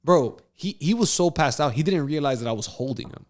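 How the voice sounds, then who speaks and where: A man co-hosting a casual podcast, telling a story with lively acted-out quotes and frequent laughs. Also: fairly high pitch, a little fast. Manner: animated storyteller, acts out quotes, laughs often. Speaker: podcast co-host.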